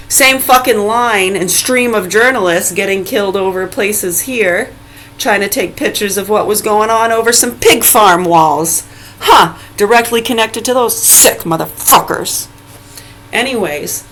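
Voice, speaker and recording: Brief: woman, forties, mid-pitched, heated profane vlog rant, rambling. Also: normal speed, a bit bright, a little hiss or hum, poor audio. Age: 40s. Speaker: vlogger.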